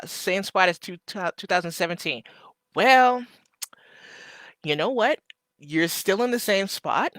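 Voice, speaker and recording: A man's voice: high-pitched, bright, forceful tone, dry recording, clean studio sound. A man hosting a casual live stream, reading viewers' messages aloud and answering with joking asides.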